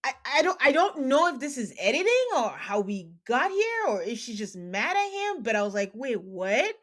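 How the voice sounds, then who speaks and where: Animated woman recapping a reality show. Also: on the high side, fairly quick. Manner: animated, exasperated storytelling with acted quotes. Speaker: podcast host. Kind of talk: casual recap chat.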